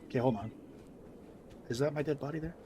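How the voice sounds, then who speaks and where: A man's voice: mid-range voice, fast, noisy background. A man giving casual gameplay commentary, rambling and self-amused, easily sidetracked. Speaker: game streamer.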